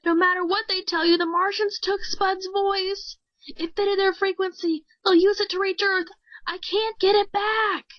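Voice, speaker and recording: A woman reading a story voices a panicking male ventriloquist who shouts shrilly and hysterically. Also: very high-pitched, fairly even intonation, unhurried, no room sound, voice pushed up. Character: panicking male ventriloquist, middle-aged, frantic. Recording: dry, dull lo-fi sound.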